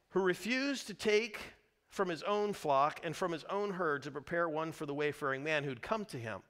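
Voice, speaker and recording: A man pastor preaching a sermon, telling a story with lively, dramatic delivery and acted-out voices. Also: on the high side. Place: church.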